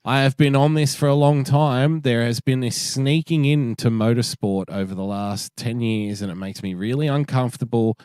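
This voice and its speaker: A man's voice: medium pitch, normal speed, few pauses, darkish tone, smooth, no room sound. A man co-hosting a podcast, giving dry, mocking, sweary banter. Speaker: podcast co-host. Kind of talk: casual chat.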